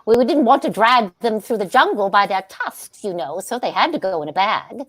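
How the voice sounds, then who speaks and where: A woman's voice: mid-range voice, expressive, normal speed, fairly bright tone. A woman giving a staged play reading as a scatterbrained, grandly theatrical aging stage actress who giggles often.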